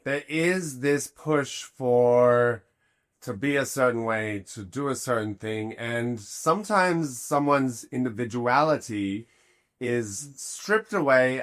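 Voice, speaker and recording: A man's voice: mid-range voice, a bit bright. A man hosting a podcast, asking thoughtful questions and rephrasing as he goes. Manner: thoughtful, rephrases mid-sentence, affirms guest. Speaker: podcast host. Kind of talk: interviewer questions.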